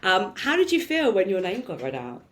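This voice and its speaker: A woman's voice: medium pitch, wildly swooping pitch, fairly quick. A woman hosting a podcast interview, asking chatty questions and heaping praise on her guest. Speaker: podcast host.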